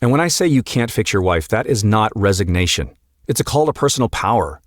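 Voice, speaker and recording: Earnest slow-speaking male podcast host. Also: on the low side, expressive, no room sound, clean studio sound. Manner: earnest, slow and deliberate with emphatic pauses. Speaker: podcast host and marriage coach. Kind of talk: solo podcast monologue.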